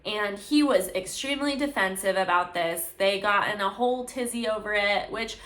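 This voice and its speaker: A woman's voice: medium pitch, normal speed, fairly bright tone. A woman in a casual, chatty book recap, filling her talk with "like". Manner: chatty, many "like"s. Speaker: book reviewer. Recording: echoey room.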